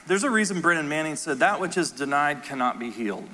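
Bright-voiced pastor preaching in a hall. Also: male voice, a little high, fast. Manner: animated storyteller, drops soft and quiet for tender moments. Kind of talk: sermon with storytelling. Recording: long hall reverb.

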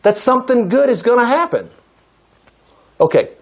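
A man's voice: big pitch swings, moderate pace, a little hiss or hum. A man preaching a sermon in an emphatic, conversational way. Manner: emphatic, conversational preaching with sudden pitch jumps.

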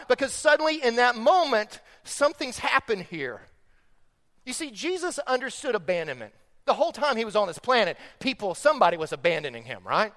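A man preaching a sermon as pastor, swinging between loud stressed phrases and quiet, slowed-down lines. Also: very high-pitched, big-room sound. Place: church sanctuary.

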